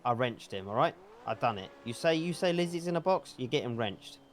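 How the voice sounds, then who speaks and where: Angry swearing man, lively pitch. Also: brisk, a little hiss or hum. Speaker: roleplay character in a street dispute. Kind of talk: heated in-character roleplay argument.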